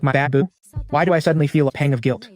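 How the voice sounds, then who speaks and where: A man's voice: a little high, fairly even intonation, fast talker, darkish tone. A man narrating a comic story recap in the first person, in a slangy, wry and teasing way.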